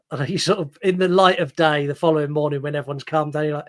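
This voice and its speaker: A man with a slightly raised voice co-hosts a casual film podcast. He is animated and pokes fun at himself, and he keeps tripping over his words, repeating them before he gets going. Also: a little high, very fast, few pauses. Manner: stumbling, repeating words at the start of sentences; self-mocking and animated. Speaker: podcast co-host. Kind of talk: casual film review chat.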